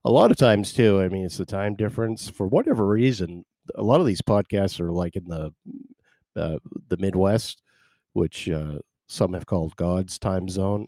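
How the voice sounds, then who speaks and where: A man's voice: sits low, warm tone, no room sound, studio quality. A man hosting his podcast live, rambling in casual chat with wry asides. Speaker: podcast host.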